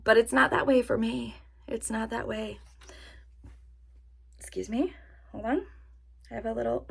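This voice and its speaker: A woman chatting casually to her camera in a vlog, animated and self-mocking, laughing at her own jokes. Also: on the high side, measured pace, creaky, pauses often, breathy edge. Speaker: vlogger. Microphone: camera-mounted or nearby mic, sitting to film.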